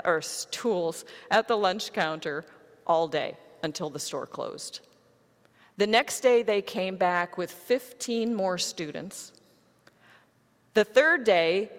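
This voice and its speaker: Unhurried woman preaching in a reverberant hall. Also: medium pitch. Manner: measured storytelling delivery to a congregation. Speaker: pastor. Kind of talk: sermon.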